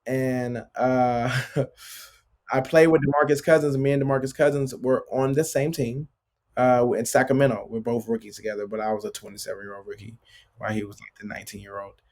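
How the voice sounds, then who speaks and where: A man's voice: mid-range voice, a little fast. A man in his late thirties, a basketball player as interview guest, telling stories loosely with lots of filler words. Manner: loose and filler-heavy, constant "like" and "bro", animated retelling. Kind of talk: casual storytelling interview.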